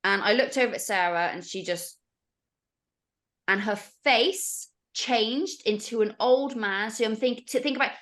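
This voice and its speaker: A woman's voice: on the high side, measured pace. Woman telling a story. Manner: animated, acts out the voices of others. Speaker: podcast guest. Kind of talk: storytelling in casual chat.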